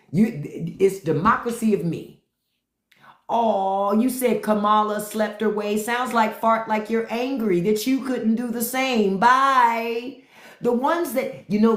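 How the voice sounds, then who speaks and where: Woman going off on her live chat, cussing, mocking, in a roomy echoey space. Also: medium pitch. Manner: blunt, profane, mocking, talks back to the chat. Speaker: podcast host on a live stream. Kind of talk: unfiltered live-stream rant. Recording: echoey room.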